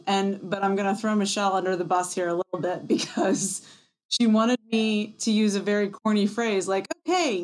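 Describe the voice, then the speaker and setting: A woman hosts a casual chat and teases her co-host playfully. Her voice sits at an ordinary middle pitch, and she speaks in an easy, conversational way. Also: rough recording. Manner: playful, teasing. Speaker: podcast host.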